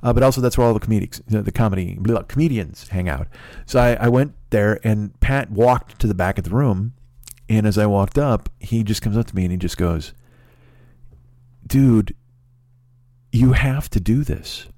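A man's voice: on the low side, fairly quick, darkish tone, no room sound. A man hosting a podcast, telling a story in a casual, profane, rambling way, full of restarts. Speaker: podcast host. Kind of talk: casual monologue.

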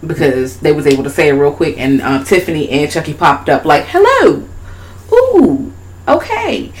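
A woman in casual podcast chat, recapping a movie in a profane, animated way. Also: fast, a little hiss or hum. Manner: profane, animated, slips into high-pitched character voices when retelling scenes.

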